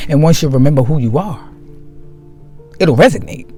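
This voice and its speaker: A man giving a slow, emphatic spiritual monologue to his viewers, repeating key phrases for weight. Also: on the high side, animated, dark tone, faint music behind. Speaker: spiritual video host.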